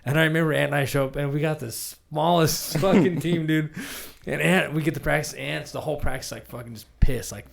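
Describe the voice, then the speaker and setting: A man coaching youth football rambles through profane stories in a casual podcast chat. He talks very fast with a gravelly, fry-heavy voice. His pitch is a little high. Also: steady tone.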